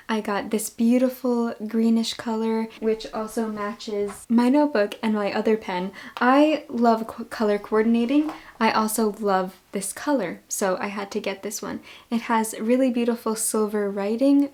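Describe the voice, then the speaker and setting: A woman's voice: on the high side, darkish tone. A young woman with a Long Island accent chatting casually in a haul vlog, gushing and laughing often. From New York. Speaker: book vlogger.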